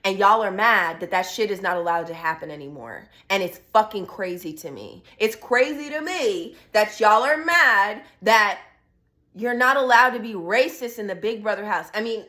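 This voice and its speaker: A young woman talking straight to camera in a casual vlog. She rants bluntly and heatedly and swears freely. Her voice sits at an ordinary middle pitch. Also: animated, moderate pace, pushed and bright. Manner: blunt, heated, profane ranting. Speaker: vlogger.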